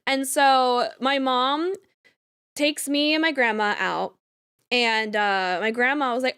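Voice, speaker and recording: A woman's voice: high voice, slow pace, smooth, dry recording, studio quality. A young woman streamer telling a rambling story in casual chat, full of "like" fillers. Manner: rambling, animated, lots of "like" fillers, laughs while telling. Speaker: game streamer.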